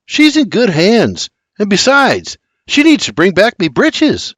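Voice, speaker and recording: A man's voice: high-pitched, huge pitch swings, unhurried, fairly bright tone, husky, no echo, voice pushed up, full character voice. A man voicing a sarcastic young son with a whiny, mocking brogue, in an audiobook. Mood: cheeky.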